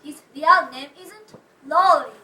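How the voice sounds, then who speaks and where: A young woman playing a wry wife leaving her husband in an amateur stage play, calm and matter-of-fact. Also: sits high, takes it slowly, heavily acted. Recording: echoey theatre from far off.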